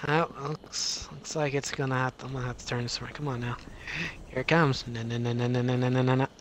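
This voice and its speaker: A man's voice: medium pitch, quick pace, slight background noise. Profane taunting man playing a shooter. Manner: profane, taunting, excitable during fights. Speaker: gamer streaming with a friend. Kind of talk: casual gaming chat.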